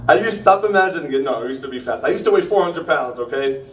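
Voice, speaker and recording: A young male comedian doing stand-up on a theater stage, his slightly high voice ranting through jokes with punchy asides. The sound is roomy and picked up from some distance, like a camera at the back of the hall. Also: a little hiss or hum. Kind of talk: stand-up set.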